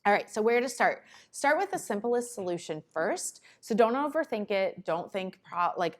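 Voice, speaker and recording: A woman giving a conversational conference talk to parents, breaking into quick acted asides. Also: medium pitch, big pitch swings. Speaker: conference presenter on child behavior. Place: conference room.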